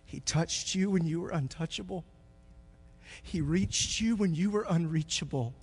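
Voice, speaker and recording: A pastor preaching a sermon, moving from quiet reflection to loud, joking stretches. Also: male voice, on the high side, measured pace, breathy edge, long reverb tail, soft background music.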